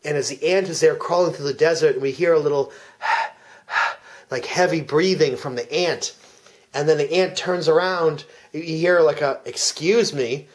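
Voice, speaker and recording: A man with a slightly high voice narrates a made-up film plot as a mock commentary track. He talks with earnest deadpan seriousness and stumbles over his words now and then. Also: a little slow. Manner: earnest storytelling with frequent restarts. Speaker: comedic fake commentary speaker.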